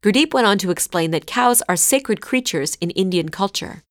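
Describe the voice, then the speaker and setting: A woman narrating a scripted story in a clear, measured way. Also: mid-range voice, animated, dry recording, clean studio sound.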